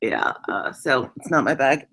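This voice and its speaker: Low-voiced woman telling frank stories. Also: a little slow, breathy edge. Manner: animated, frank storyteller. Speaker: guest in conversation. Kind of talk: casual chat.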